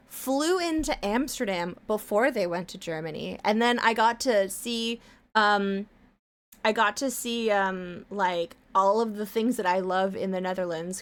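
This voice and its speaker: A woman chatting away on a live art stream, rambling from one thought to the next while she works. Her voice sits at an ordinary middle pitch, and now and then she hums a little tune under her breath or drops a casual swear.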